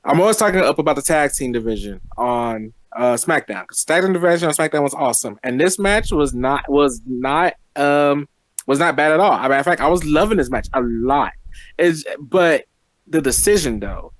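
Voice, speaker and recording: A man co-hosting a casual review chat, talking excitedly and repeating himself. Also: on the high side, moderate pace, no echo. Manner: chatty, repeats words when excited. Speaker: co-host.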